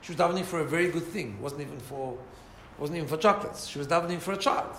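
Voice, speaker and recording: A man's voice: a little high, racing. A man, rising and falling as he asks his listeners rhetorical questions. The echoey room has a faint hum of ambience behind him. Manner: animated, mixes Hebrew and Yiddish terms, asks listeners rhetorical questions. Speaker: rabbi teaching a class. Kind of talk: informal Torah class. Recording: roomy echo, faint ambience.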